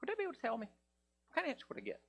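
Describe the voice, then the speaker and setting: Animated preacher, high lively voice. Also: male voice, racing, vocal fry, slightly rough. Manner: folksy, animated, acts out voices of Bible characters. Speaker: pastor. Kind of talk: sermon.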